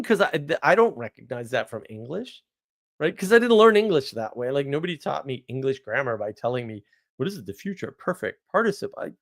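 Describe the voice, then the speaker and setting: Male host, 40s, from the US; rambling sarcastic monologue, mid-pitched, animated storytelling. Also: fairly quick. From United States. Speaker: podcast host.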